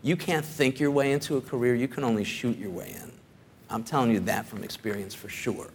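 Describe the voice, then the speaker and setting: A middle-aged photographer gives a casual, rambling talk to a studio audience, frequently checking in with "right?". His medium-pitched voice is steady and brisk with vocal fry, over a little hiss or hum.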